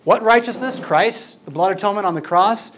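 A Bible teacher giving a classroom lecture, emphatic and lively, with informal asides. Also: mid-range voice, brisk, slight background noise. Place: classroom with a projected screen.

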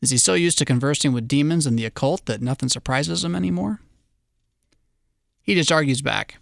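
A man preaching a sermon in a conversational way, with wry asides and quick digressions. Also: mid-range voice, gravelly, no echo, studio quality. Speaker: pastor.

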